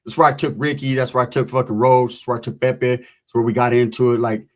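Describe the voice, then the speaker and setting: A man's voice: medium pitch, level tone, fast. A middle-aged man, telling a loose, profane story with slang and constant asides. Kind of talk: casual storytelling.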